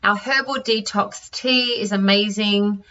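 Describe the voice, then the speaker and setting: An Australian woman presenting health products over a call, halting with many fillers and restarts. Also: medium pitch, steady tone, bright, forceful tone. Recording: distant, dull-sounding audio.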